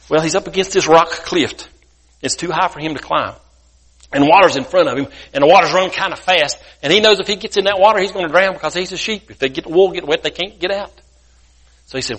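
A guest preacher tells a sermon story in a folksy, colloquial style. His voice is a little high and comes across bright and forceful. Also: a little fast, slightly rough.

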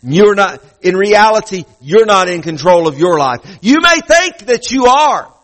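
A pastor delivering a sermon with a notably high-pitched male voice. He talks in a conversational way, often breaking off and restarting his phrases or repeating them for emphasis. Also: big pitch swings, measured pace, fairly bright tone, rough recording.

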